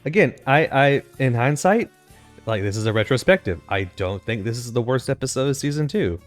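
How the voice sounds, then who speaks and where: A man co-hosting a podcast in casual chat, joking and swearing with quick interjections. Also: mid-range voice, animated, faint music behind. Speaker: podcast co-host.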